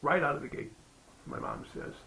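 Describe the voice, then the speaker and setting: Gravelly male speaker telling a sermon story. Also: medium pitch, wildly swooping pitch, moderate pace, bright, forceful tone, poor audio. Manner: conversational storytelling with frequent fillers. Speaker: spiritual practitioner giving the Sunday talk.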